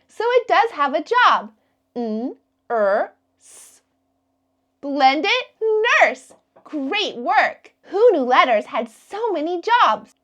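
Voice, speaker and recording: A woman who teaches kindergarten, giving a slow, encouraging phonics lesson to young children and drawing out each letter sound. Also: very high-pitched, fairly bright tone, muffled recording.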